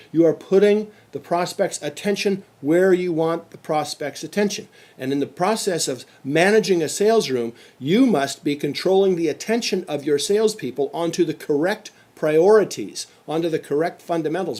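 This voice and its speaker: A middle-aged man teaching salespeople, speaking in a slightly higher register than most men. He drives his points home by repeating key phrases and acting out quotes with emphasis. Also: normal speed, hardly any pauses, a little mellow. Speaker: sales trainer. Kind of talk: motivational sales lecture.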